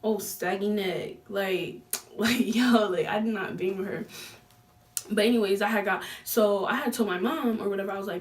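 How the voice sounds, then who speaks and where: A young woman vlogger telling a story in casual chat, slangy and animated, with lots of fillers. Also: mid-range voice, normal speed, distant mic.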